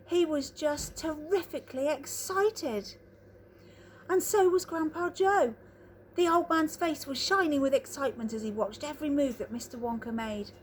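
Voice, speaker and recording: A woman reading a children's book aloud outdoors, telling the story with expressive, animated delivery. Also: high voice, slight background noise. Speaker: reader.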